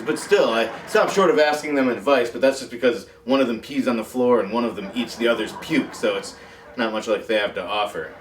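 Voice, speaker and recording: A man hosts a comedy show in a mid-pitched voice, talking through a monologue with dry, deadpan asides. He sits back from the mic in a roomy, echoey space, and faint music plays behind him. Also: distant mic, slight background noise. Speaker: talk show host. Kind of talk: comic monologue.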